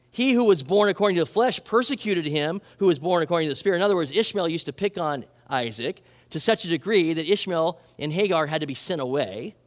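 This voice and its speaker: Animated high-voiced man preaching in hall. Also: fast talker, few pauses. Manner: animated, acts out quoted voices, restarts. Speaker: pastor. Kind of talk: sermon.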